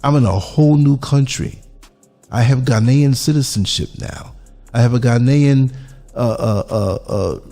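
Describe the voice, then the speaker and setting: Gravelly, mellow-voiced man musing aloud. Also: medium pitch. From United States. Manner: earnest, musing, asks the listener questions. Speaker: podcaster. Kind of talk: reflective podcast monologue.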